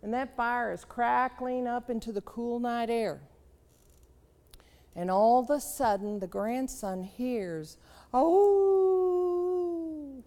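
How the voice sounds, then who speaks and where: A woman leadership trainer giving a live seminar talk, with slow, questioning, storytelling delivery and a gravelly voice. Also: on the high side, darkish tone, in a large hall.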